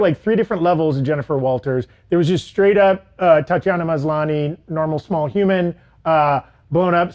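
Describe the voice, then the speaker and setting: A man hosting a casual panel chat who talks in a lively way and reads out viewer comments and poll results. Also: high voice, muffled recording. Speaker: show host.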